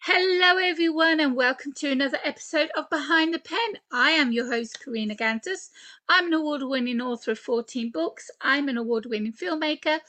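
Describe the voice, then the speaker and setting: A woman from England hosting an interview podcast, chatty and animated, laughing often. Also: high voice, a little fast. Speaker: podcast host. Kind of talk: casual interview chat.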